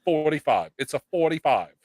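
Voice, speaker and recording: A man hosts a casual live stream, ranting in exasperation and cursing often. His fairly high voice swings widely up and down as he rants. The sound is dry and close to the mic. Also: big pitch swings, normal speed, darkish tone, dry recording. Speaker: podcast host.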